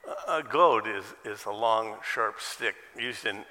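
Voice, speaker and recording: A man's voice: fairly low pitch, slow, pushed and bright, big-room sound. An American man preaching a sermon, firing off rhetorical questions and folksy asides. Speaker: pastor.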